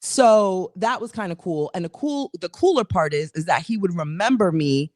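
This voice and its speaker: Her pitch fairly low and her speed normal, a woman co-hosting a casual talk show launches into a long, animated, rambling story. She restarts it repeatedly and keeps adding asides, captured in a dry, clean studio recording.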